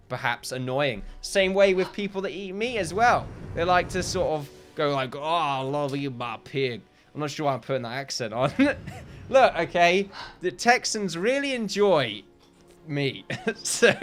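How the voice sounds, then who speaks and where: A man's voice: medium pitch, fairly bright tone. A man hosting a let's play video, rambling and joking and often laughing at himself as he talks. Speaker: gaming video host.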